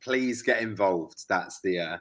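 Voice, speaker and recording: A man's voice: low-pitched, a little slow, fairly bright tone. A man co-hosting a live whiskey tasting, upbeat as he reads out viewers' names and messages in casual chat. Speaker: co-host reading out viewer comments.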